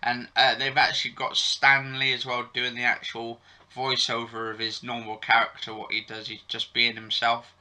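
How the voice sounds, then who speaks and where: A man's voice: mid-range voice, monotone, moderate pace, few pauses, pushed and bright. A man vlogging casually to his channel, rambling with many fillers and self-corrections. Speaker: YouTube vlogger reviewing soap episodes. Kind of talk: casual chat to camera.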